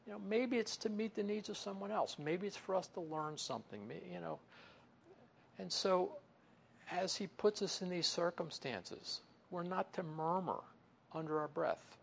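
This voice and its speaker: A man's voice: high voice, expressive, moderate pace, vocal fry, slight background noise. A man preaching a sermon in a conversational way, with many asides and muttered inner voices that he acts out. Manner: conversational, with frequent "you know" asides. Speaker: pastor.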